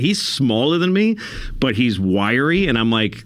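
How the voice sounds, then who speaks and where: A middle-aged man, a comedian guest on a podcast, telling a story in casual conversation, animated and self-mocking, laughing between lines. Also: mid-range voice, unhurried, no room sound. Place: podcast studio.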